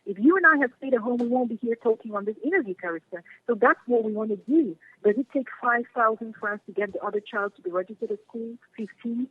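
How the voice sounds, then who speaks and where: A woman's voice: on the high side, quick pace, hardly any pauses, breathy edge. A woman, a guest speaking earnestly and passionately over the phone, repeating her key phrases. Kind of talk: phone interview. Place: home in Germany. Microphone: phone line. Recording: tinny phone line.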